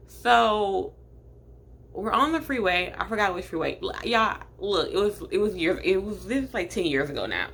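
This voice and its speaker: A woman's voice: mid-range voice, normal speed, a bit bright. A woman in her late twenties from Michigan, telling a personal story to her viewers in a chatty, filler-heavy way. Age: late 20s. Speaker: vlogger. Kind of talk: storytime vlog.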